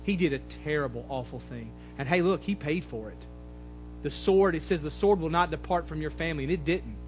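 A man preaching a sermon, retelling a scripture story in a conversational way, swinging between loud, high emphasis and low, quiet moments. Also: brisk, faint music behind, low-quality recording. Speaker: pastor.

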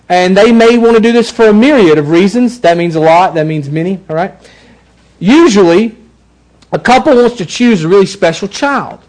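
A man preaching a sermon as pastor, emphatic, repeating words and swinging between loud and soft. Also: high voice, rough recording.

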